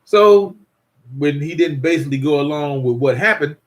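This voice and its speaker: A man's voice: a little high, expressive, moderate pace. An older man hosting a casual livestream, rambling and repeating himself while greeting viewers. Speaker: livestream host.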